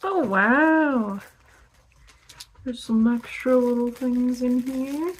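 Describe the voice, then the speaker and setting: A young woman talks very slowly through an unboxing vlog, lingering over each word. She giggles often and slips into soft gasps and whispers when something delights her. Paper crinkles around her as she opens the package. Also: high-pitched, slight background noise. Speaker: vlogger.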